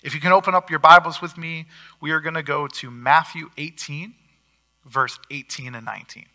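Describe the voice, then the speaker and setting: A man preaching a sermon as pastor, earnest, with swings in loudness for emphasis. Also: fairly high pitch, steady tone, normal speed.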